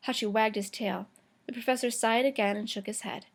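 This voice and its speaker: A woman teacher reading a chapter book aloud to her class, slow and careful, with small stumbles and self-corrections. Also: on the high side, steady tone.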